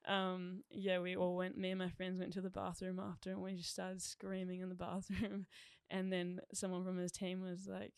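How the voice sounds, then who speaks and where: Bubbly young New Zealand woman, creaky. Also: fairly low pitch, moderate pace, no echo, studio quality. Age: young adult. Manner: excitable, laughs often, lots of "like". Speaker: DJ, podcast guest. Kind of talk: casual chat.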